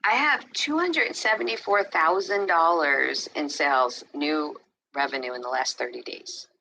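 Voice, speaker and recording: Woman preaching a motivational faith talk, super bright ringing voice, keeps repeating herself for emphasis, talks right to the crowd. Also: deep voice, unhurried, vocal fry, slight background noise, rough recording. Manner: emphatic and repetitive, addresses listeners directly. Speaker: speaker.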